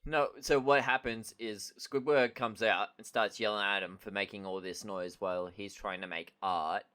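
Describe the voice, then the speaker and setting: A man with a lowish but bright, forward voice recaps a cartoon episode with his co-host. He talks in loose, halting bursts and laughs often, like relaxed podcast banter. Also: smooth.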